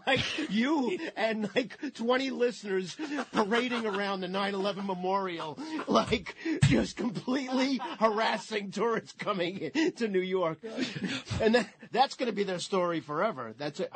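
A man's voice: high voice, moderate pace. A man co-hosting a morning radio show, teasing and playful and laughing often. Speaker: radio co-host.

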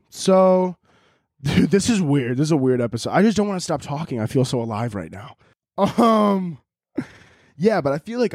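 Lying on pillows at home, a young podcast host goes on a crude, casual solo rant, laughing at his own jokes. He speaks at a medium pitch with a slightly mellow tone, and his podcast mic and headphones give a clean studio sound without echo.

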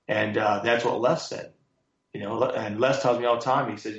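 A man being interviewed as a guest speaker, telling lively stories and quoting others with emphasis. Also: medium pitch, brisk. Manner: animated storyteller, quotes others with emphasis. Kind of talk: storytelling interview answers. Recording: echoey, muffled sound.

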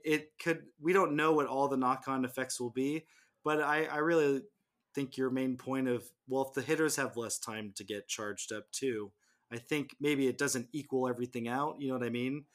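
A man co-hosting a casual sports podcast, talking in halting bursts with many restarts. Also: medium pitch. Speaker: podcast co-host.

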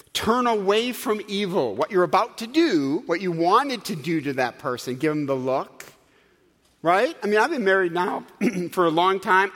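A man's voice: on the high side, a bit bright. A man preaching a sermon with humor and asides to the congregation. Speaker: pastor. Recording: long hall reverb.

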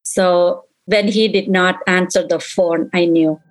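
A middle-aged woman, a mother, giving an earnest, halting personal account in an interview, acting out what others said. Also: lowish voice, steady tone, low-quality recording. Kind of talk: emotional personal recollection.

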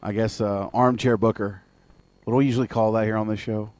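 A man's voice: lowish voice, fairly even intonation, a little fast, a little mellow, no room sound. A man co-hosting a radio show, rambling through his opinions and searching for words. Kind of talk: casual wrestling talk.

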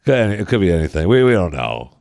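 A man's voice: low-pitched, big pitch swings, fast, creaky, darkish tone, dry recording, studio quality. A man hosting a casual chat, telling a story in a wry way and acting out the people in it.

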